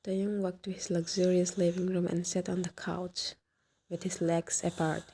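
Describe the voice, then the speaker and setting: A woman narrating a fan fiction story in a soft, even storytelling manner. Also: on the low side, normal speed, slight background noise.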